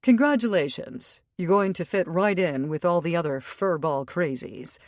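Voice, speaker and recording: A woman voicing a calm, sharp-tongued female fae warrior in an audiobook reading. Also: on the low side, moderate pace, no echo, clean studio sound, close to an everyday voice. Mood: dry.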